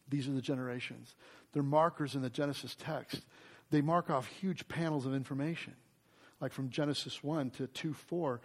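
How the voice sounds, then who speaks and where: A man preaching a sermon, telling a story with animated energy and then teaching through scripture passages. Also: medium pitch, breathy edge. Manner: quotes scripture, quick asides. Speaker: pastor.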